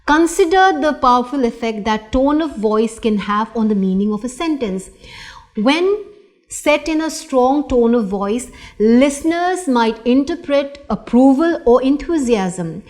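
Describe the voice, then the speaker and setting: A middle-aged woman lecturing in a slightly high voice. She speaks slowly and deliberately, stopping often for fillers and restarting her sentences. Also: animated, a little mellow. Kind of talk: recorded lecture.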